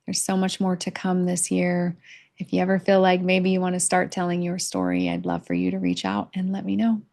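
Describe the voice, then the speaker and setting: A middle-aged woman speaking candidly in an unscripted personal vlog, halting often with pauses and fillers. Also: on the low side, gravelly, darkish tone. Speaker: vlogger sharing a personal reflection. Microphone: camera mic.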